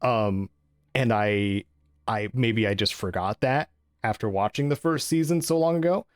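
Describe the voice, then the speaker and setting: A man's voice: on the low side, measured pace, clear, resonant tone, dry recording, studio quality. A man co-hosting a gaming podcast in casual chat, rambling with many ums and restarts. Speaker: podcast co-host.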